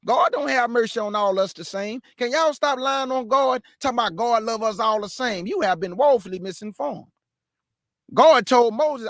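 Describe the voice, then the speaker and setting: A man preaching to his listeners, emphatic and repetitive, calling them family and swinging between shouts and low asides. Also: moderate pace, no room sound, studio quality. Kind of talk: street-style preaching.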